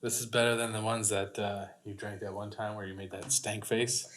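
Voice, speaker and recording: A man co-hosting a podcast in casual chat, easygoing and quick to laugh. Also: lowish voice, flat delivery, fairly bright tone, a little hiss or hum. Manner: jokey, laughs often, easygoing. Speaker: podcast co-host.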